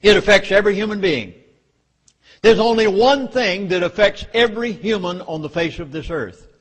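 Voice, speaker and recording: A man's voice: sits high, moderate pace, a bit bright. A man with a Southern US accent giving an emphatic speech to a live audience, with dramatic warnings. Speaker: public speaker.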